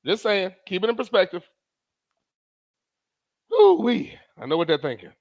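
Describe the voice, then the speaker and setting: A man's voice: high-pitched, racing, a little hiss or hum. A man hosting a live stream, talking casually and repeating phrases for effect. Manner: laughing, animated, repeats phrases. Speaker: streamer host.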